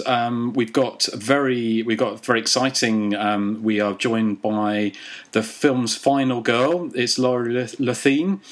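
A man hosting a podcast in casual chat, hesitant with many pauses and restarts. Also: mid-range voice. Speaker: podcast host.

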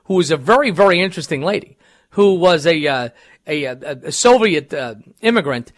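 A man's voice: on the high side, expressive, brisk. A middle-aged man hosting a talk radio show, rambling with many fillers and restarts.

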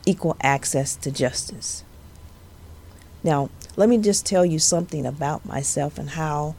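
A woman in her fifties speaks with a northern Louisiana Southern accent, her lowish voice carrying a gravelly edge. She hosts a podcast in an earnest, motivational way, stacking up emphatic repeated phrases like a preacher. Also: darkish tone. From Louisiana, USA. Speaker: podcast host, civil rights attorney.

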